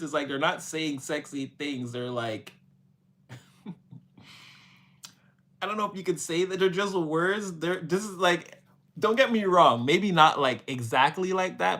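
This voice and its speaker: A man's voice: on the high side, fairly bright tone. A man giving a casual, rambling tarot reading, full of fillers, laughs and playful quoted voices. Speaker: tarot reader.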